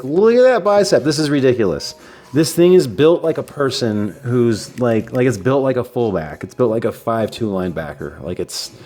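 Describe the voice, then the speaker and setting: An enthusiastic man chats through an unboxing of a collectible figure, thinking aloud with plenty of ums and restarts. His voice sits at an ordinary pitch for a man, with faint music playing underneath. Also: a little mellow. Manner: enthusiastic, chatty, many fillers and restarts. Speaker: toy collector reviewing a figure. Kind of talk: casual unboxing talk.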